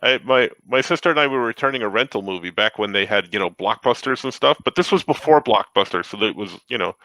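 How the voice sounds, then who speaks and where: Animated man telling a story. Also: on the low side, quick pace, dry recording, low-quality recording. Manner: animated storyteller who acts out quotes. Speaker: podcast co-host. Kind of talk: casual chat.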